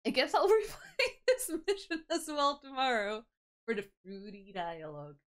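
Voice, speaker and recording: A woman's voice: high-pitched, animated, moderate pace. A woman streamer chatting casually over gameplay, rambling and self-deprecating, with many fillers. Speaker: game streamer.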